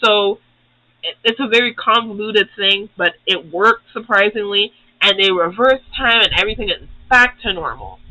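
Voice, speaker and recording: A young man with a high, very bright voice gives a casual, swear-filled recap of a show, rambling from point to point. The recording is dry and close, with no room sound at all. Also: lively intonation, moderate pace, dry recording, poor audio. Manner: profane, rambling, acts out characters. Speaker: YouTube host.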